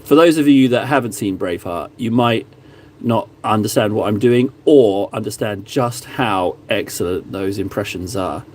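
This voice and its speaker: A man's voice: fairly low pitch, moderate pace, darkish tone, a little hiss or hum. A young man chatting casually while painting miniatures, rambling and laughing at himself, in a small cupboard room.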